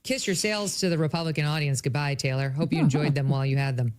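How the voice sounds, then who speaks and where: A woman's voice: deep voice, steady tone, fast, darkish tone. A woman co-hosting a casual political chat, sarcastic, reading a post aloud.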